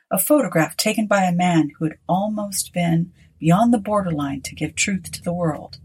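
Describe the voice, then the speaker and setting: A woman narrates a storybook at an unhurried pace. Her voice is breathy and airy, sitting slightly low for a woman. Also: darkish tone, low-quality recording.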